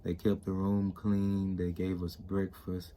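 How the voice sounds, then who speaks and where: American guy vlogging, really low voice, keeps saying yes, faint hiss behind. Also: completely flat delivery, unhurried, warm tone. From United States. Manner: eager, keeps agreeing with "yes". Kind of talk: casual chat.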